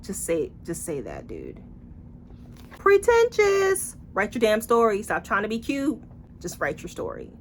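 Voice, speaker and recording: Reviewing books on a casual vlog, she swears freely, stays blunt and sarcastic, and brings quoted characters to life with animated performances. Her voice sits in the mid-range at a moderate pace, with a little background noise.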